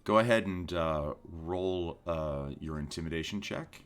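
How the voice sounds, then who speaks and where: A man narrating a tabletop game as game master, relaxed and unhurried with frequent fillers. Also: low voice.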